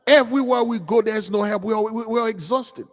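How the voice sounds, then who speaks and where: A man's voice: sits high, fairly quick. A man hosting a channel, delivering an impassioned, preachy rant as livestream commentary. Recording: long hall reverb.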